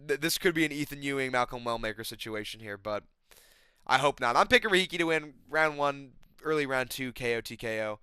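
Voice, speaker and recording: A young adult man hosting casual MMA predictions, excitable and rambling, tossing in "bro" and swearing often. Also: a little high, smooth, no echo, clean studio sound. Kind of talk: casual fight-prediction chat.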